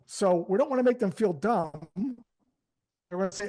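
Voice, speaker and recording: A man coaching a sales team live on stage, energetic and conversational, acting out phrasings as he goes. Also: high-pitched, unhurried. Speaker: sales trainer. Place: on stage before an audience.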